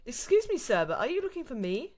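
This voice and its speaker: A woman's voice: a little high, huge pitch swings, quick pace, a little mellow, pitched above the performer's own voice. A British woman voicing a sassy young female college student in her own exasperated voice, reading a visual novel aloud. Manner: exasperated, chatty.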